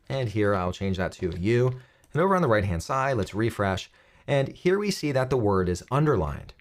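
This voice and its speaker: A man teaching a coding lesson, explaining each step clearly as he types. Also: medium pitch. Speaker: web coding instructor. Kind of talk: screen-recorded coding tutorial.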